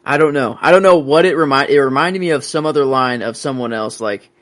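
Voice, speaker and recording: A man's voice: medium pitch, fairly quick, no echo. A man co-hosting a podcast in casual chat, hesitant and often trailing off. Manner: hesitant, trails off with "I don't know". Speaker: podcast co-host.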